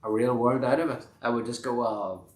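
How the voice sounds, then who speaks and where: A man's voice: mid-range voice, flat delivery, fast, a little mellow. A man hosting a casual live-stream chat, rambling and self-deprecating with many restarts. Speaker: host and band member. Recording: echoey room.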